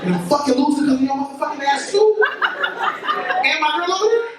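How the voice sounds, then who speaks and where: High-pitched dude doing filthy stand-up, voice all over the place, crowd noise, echoey. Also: male voice, fast. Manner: crude, animated storytelling with high-pitched quoted voices. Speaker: stand-up comedian. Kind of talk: stand-up comedy. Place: comedy venue with audience. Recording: far-off roomy live crowd recording.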